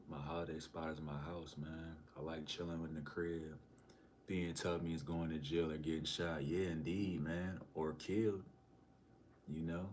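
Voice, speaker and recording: A man's voice: very deep voice, slight background noise. A man livestreaming, casually chatting with viewers and reading their comments aloud in a laid-back, slangy way. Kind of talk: casual live-stream chat.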